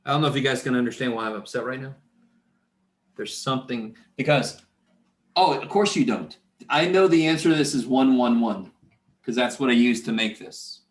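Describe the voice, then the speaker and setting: A man's voice: medium pitch, moderate pace, echoey room. A man teaching a math lecture, talking himself through the arithmetic and muttering curses under his breath. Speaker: math instructor. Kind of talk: recorded classroom lecture.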